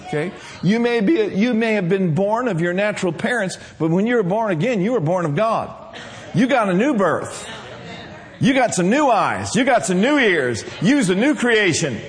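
A man's voice: high voice, very animated, moderate pace. A man preaching a sermon, leading the congregation in call-and-response and repeating his key phrases.

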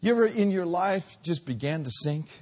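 A man preaching a sermon, swinging between loud drawn-out peaks and quiet low lines. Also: lively intonation.

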